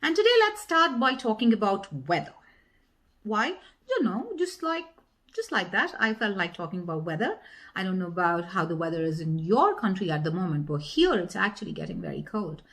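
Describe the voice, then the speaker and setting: A woman's voice: mid-range voice, big pitch swings, fairly quick, fairly bright tone. A woman teaching an online English lesson, chatty and playful, sounding out consonants as she explains.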